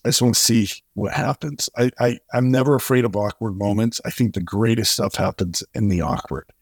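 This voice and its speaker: A man guest on an interview show, telling stories in an animated way and acting out the voices of the people in them. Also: a little fast, husky, dry recording, clean studio sound. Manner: animated, acts out quoted voices with big pitch jumps. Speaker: charity co-founder, guest. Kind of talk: storytelling in an interview.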